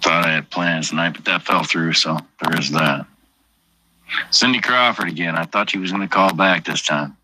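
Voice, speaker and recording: A man's voice: low-pitched, normal speed, bright, forceful tone, rough recording. A man chatting casually on a late-night livestream, rambling between stories with constant swearing and an offhand manner.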